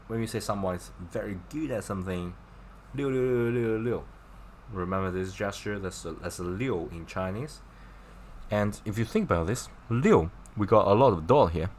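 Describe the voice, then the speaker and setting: A man's voice: sits low, a little hiss or hum. A man teaching a casual online language lesson, chatty and encouraging, explaining with gestures and repeated examples. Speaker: Chinese teacher.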